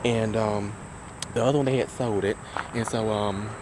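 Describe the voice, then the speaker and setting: A man's voice: on the low side, fairly even intonation, normal speed, noisy background. A young man from the American South, talking casually to camera for his vlog, rambling with lots of ums and restarts. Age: young adult. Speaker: vlogger. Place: outdoors by a highway near a car.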